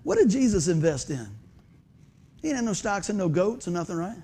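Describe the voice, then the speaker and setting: Animated high-voiced preacher man in his fifties. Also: a little fast, slightly rough. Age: 50s. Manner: animated, quizzes the congregation, self-deprecating humor. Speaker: pastor. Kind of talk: conversational sermon. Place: church sanctuary under stage lights.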